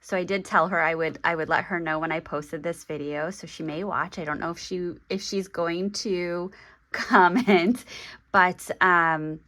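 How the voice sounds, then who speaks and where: A woman in her forties talking through an unboxing vlog, halting and hesitant, with many pauses and restarts. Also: on the low side, fairly even intonation, fairly bright tone. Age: 40s. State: emotional, getting teary. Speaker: stationery vlogger.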